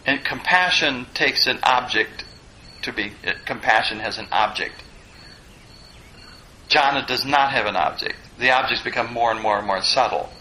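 Bright-voiced male meditation teacher. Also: mid-range voice, normal speed, a little hiss or hum, poor audio. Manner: digressive, self-deprecating, plain-spoken. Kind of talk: dharma class talk.

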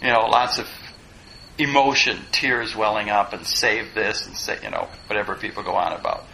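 Bright-voiced male meditation teacher. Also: on the low side, steady tone, moderate pace, gravelly, slight background noise, rough recording. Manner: digressive, self-deprecating, plain-spoken. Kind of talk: dharma class talk.

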